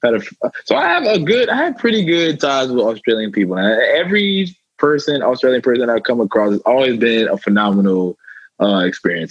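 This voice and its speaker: A young American man, a football player and rapper, chats casually as a guest in an interview, relaxed and laughing, packing his speech with fillers like "you know." His voice is medium-pitched with a breathy edge. The recording has no echo, but the highs are cut off.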